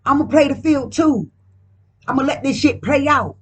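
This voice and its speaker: A woman's voice: high voice, moderate pace. A woman doing a casual card reading at home, talking in a profane, emphatic, rambling way. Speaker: card reader.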